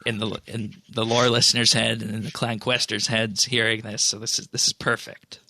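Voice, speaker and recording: A man's voice: fairly low pitch, level tone, moderate pace, creaky, sharp tone, dry recording. A man hosting a casual podcast, asking the guest questions in a conversational way. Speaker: podcast host.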